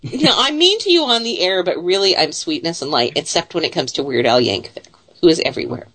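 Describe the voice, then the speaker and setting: Teasing Pacific Northwest radio hostess. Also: female voice, fairly low pitch, expressive, a bit bright. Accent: Seattle-area American English. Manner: teasing, playful, quick to laugh. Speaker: radio host. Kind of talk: casual radio banter.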